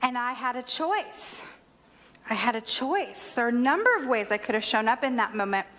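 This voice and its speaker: A woman's voice: fairly high pitch, sing-song, moderate pace, fairly bright tone. A woman minister giving a sermon, telling a personal story with humor and animation. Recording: long hall reverb.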